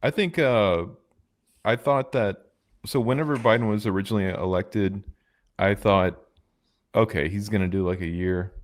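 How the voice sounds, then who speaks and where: Here a podcast co-host speaks at normal speed in a fairly low pitch. He rambles through casual chat with lots of fillers and restarts.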